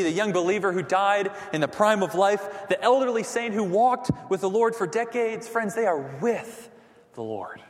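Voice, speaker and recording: Guy preaching a sermon, fairly high voice, swings up and down a lot, echoey church hall. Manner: animated preaching, drops to near whispers for emphasis. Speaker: pastor.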